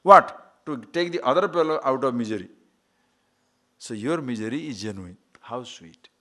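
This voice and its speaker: Male teacher of spiritual texts, lively delivery with wide pitch swings, playful and quick to laugh. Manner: playful, laughs often, rhetorical questions.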